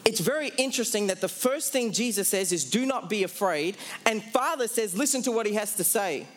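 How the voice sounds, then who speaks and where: This man delivers a sermon with a high, expressive, slightly bright voice, questioning his listeners and supplying the answers himself. He slows down hard on key phrases, and there's faint background noise.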